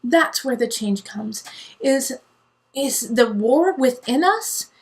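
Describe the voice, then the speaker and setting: A woman's voice: high voice, animated, slow. A woman giving a casual tarot reading, talking in an earnest, digressive way that mixes encouragement with tough love. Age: adult parent. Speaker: tarot reader.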